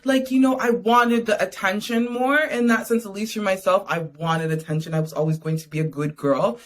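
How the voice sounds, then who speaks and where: A woman's voice: medium pitch, normal speed. A woman in her thirties from Canada, a podcast guest in casual chat, blunt and laughing, often quoting herself. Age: 30s.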